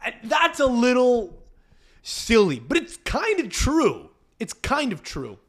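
A man's voice: very high voice, wildly swooping pitch, slow pace, a bit bright. A man hosting a podcast, riffing in casual commentary on video clips with a profane, mocking manner. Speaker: podcast host.

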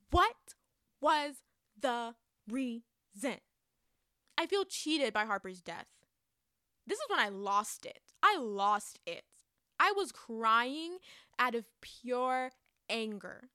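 A woman's voice: on the high side, dry recording, clean studio sound. A young woman giving a casual, emotional spoiler review of a book, ranting and swearing with frustration. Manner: emotional, ranting, profane, animated.

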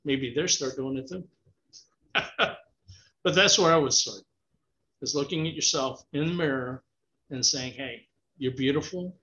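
A man's voice: on the high side, measured pace, pauses often, sharp tone. A man talking casually and encouragingly, often repeating himself and saying "you know". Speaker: interview guest. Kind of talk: casual advice conversation. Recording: dull lo-fi sound.

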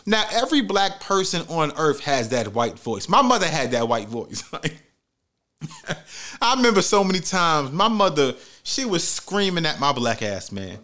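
A man's voice: a little high, sing-song, unhurried, bright, forceful tone. A man hosting a comedic commentary vlog, ranting with heavy profanity and mock outrage. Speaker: commentary host.

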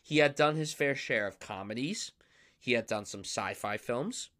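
A man's voice: mid-range voice, moderate pace, fairly bright tone. A young man hosting a podcast, talking through films in an enthusiastic, emphatic, casual way. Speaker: podcast host. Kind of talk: casual film discussion.

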